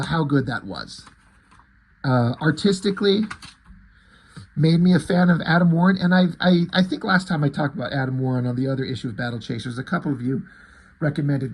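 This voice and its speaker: A man's voice: a little high, breathy edge. A man reviewing comic books in a casual, rambling way, crude and full of fillers and restarts. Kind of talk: casual chat.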